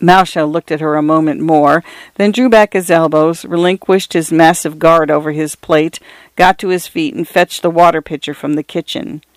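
Higher-voiced man reading literary fiction. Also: fairly even intonation, dry recording. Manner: measured first-person narration. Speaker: audiobook narrator.

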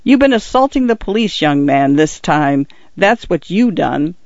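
A man voicing a gruff, irritable male village constable, dropping his aitches. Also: on the high side, sing-song, unhurried, no room sound, lo-fi sound. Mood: irritated.

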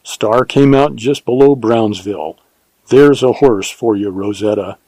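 A man's voice: lowish voice, warm tone, no echo. A man playing a devoted, earnest ranger. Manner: earnest, husky, slow. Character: bold, devoted male Texas ranger.

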